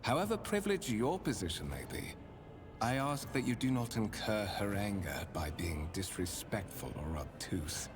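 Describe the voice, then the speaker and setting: A suave, low-voiced spymaster. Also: male voice, very animated. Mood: grave. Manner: formal, measured, faintly menacing courtesy. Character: suave male spymaster, courtly and calculating. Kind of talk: video game voice acting. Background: game music.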